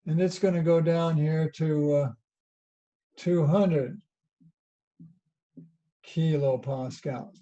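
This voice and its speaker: A man's voice: on the high side, dark tone, muffled recording. A man with a Southern US accent teaching a college lecture over a video call, chatty and folksy, asking rhetorical questions as he explains. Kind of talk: online lecture.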